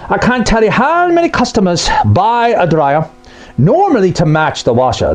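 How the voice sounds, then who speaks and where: Man, appliance repair tech, high voice, animated, blunt explainer. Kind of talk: explainer video.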